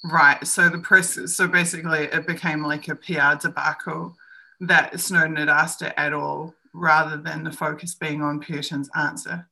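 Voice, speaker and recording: Nz woman on a live stream, kinda low voice but bright and punchy, argues hard and does little voices of other people. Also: level tone, moderate pace, gravelly. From New Zealand. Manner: emphatic and opinionated, acting out other people's lines. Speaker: co-host.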